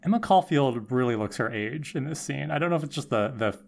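A man's voice: medium pitch, fairly quick, creaky. A man co-hosting a podcast, recapping a TV episode in casual chat, acting out the characters' lines and chuckling as he goes. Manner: animated retelling with quoted lines and chuckles. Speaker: podcast co-host.

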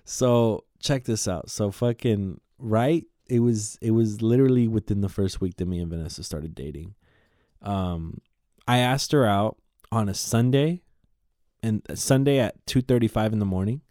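Low, mellow-voiced podcast host. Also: male voice, moderate pace, no echo, studio quality. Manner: rambling, profane, animated retelling. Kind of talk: casual podcast storytelling.

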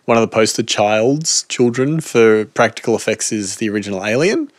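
A man hosting a casual movie podcast, steering the chat in a relaxed way. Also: lowish voice, moderate pace. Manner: relaxed, hosting, introduces show. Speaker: podcast host.

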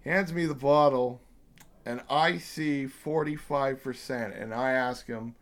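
A man's voice: medium pitch, takes it slowly. A man in his thirties hosting a podcast, chatting casually with lots of ums and uhs and the odd swear. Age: 30s. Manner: rambling, profane, many fillers. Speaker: podcast host. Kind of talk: casual chat.

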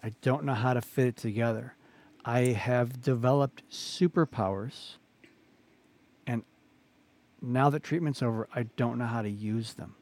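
A man's voice: mid-range voice, unhurried, long pauses, a little mellow. A man hosting a conversation, reflective and searching for words as he speaks. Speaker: host.

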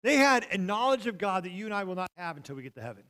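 A middle-aged man preaching a sermon, telling stories and swinging from loud, shouted passages to hushed, quiet lines. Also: sits high, sing-song, rapid-fire. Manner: storytelling, swings from loud shouting to near-whispers. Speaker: pastor.

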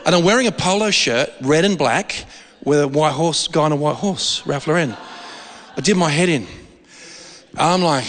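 A man preaching a sermon, telling a story with lots of laughter and excitement. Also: on the high side, a little fast, long reverb tail.

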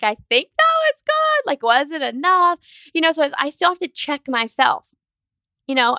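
A woman's voice: on the high side, a bit bright, no room sound, studio quality. Fired-up woman hosting a podcast. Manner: fast, fired-up and candid, with casual swearing; acts out her own anxious inner voice. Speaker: podcast host. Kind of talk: solo podcast monologue.

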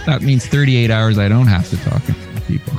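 A man's voice: fairly low pitch, a little fast, music in the background. A man hosting a casual podcast as a law professor, joking and laughing often.

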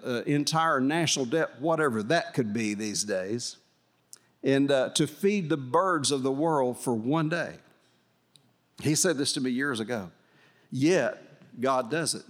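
An older man preaching, telling a folksy, emotional testimony with fillers and restarts. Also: fairly high pitch. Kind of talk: sermon storytelling.

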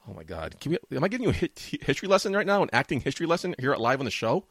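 Brief: middle-aged male podcast co-host, quick lively delivery, dry close sound, teasing. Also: fairly high pitch, husky, dry recording. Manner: teasing, mock-offended, fast joking. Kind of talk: casual banter.

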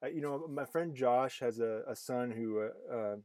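A man hosts a casual podcast conversation. His voice sits at an ordinary pitch, and he meanders through his thoughts with plenty of "um"s and restarts. The sound is dry and close, with no room in it. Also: moderate pace, darkish tone, dry recording. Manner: rambling, many fillers and restarts. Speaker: podcast host.

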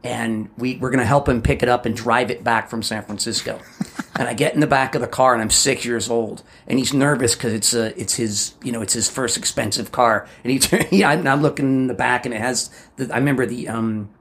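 A man in his fifties with a gravelly, fry-edged voice at an ordinary middle pitch. He tells personal stories as a podcast co-host, breaking into quick character voices and laughing along. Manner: animated storyteller who acts out voices and laughs along. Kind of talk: casual chat, telling personal stories.

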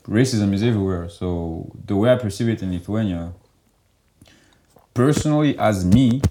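A young man talking casually in an interview, loose and animated, and he fills his speech with "like.". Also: lowish voice, a little hiss or hum. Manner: loose and animated, heavy filler "like". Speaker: guest.

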